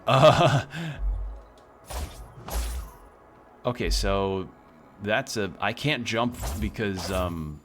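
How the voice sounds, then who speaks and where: Deep-voiced animated male game streamer. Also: very slow, long pauses, faint music behind. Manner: animated, swears freely. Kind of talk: casual gameplay commentary.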